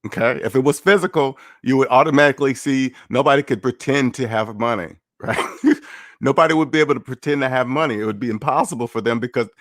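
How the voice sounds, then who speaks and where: A man's voice: mid-range voice, fast talker, dry recording, studio quality. A man giving casual livestream commentary on personal finance, blunt and sarcastic, repeating his points.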